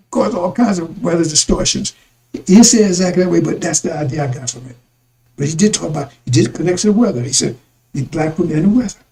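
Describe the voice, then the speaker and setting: Guy with a dark mellow tone rambling on in a religious broadcast, keeps repeating himself. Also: high voice, gravelly, low-quality recording. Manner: repetitive, addresses listeners as brothers and sisters.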